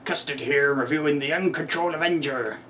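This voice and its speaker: A man's voice: a little high, brisk, fairly bright tone, a little hiss or hum, natural voice. A man playing a bumbling, boastful pirate captain who reviews a gadget in a weak put-on pirate accent, rambling, with stray growls and self-mocking asides, recorded in his own room on a camera mic. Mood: bluff. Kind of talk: in-character product review.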